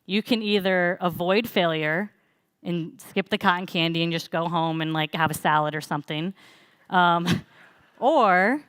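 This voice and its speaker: This young church speaker gives her sermon as relaxed, chatty storytelling, laughing and using fillers along the way. She has a smooth, resonant voice pitched a little low. The recording is close and dry, without any echo.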